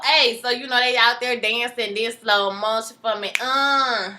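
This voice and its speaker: A woman recapping a TV episode in casual chat, animated, acting out the characters' lines as she goes. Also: fairly high pitch, moderate pace, few pauses. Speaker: TV show recapper.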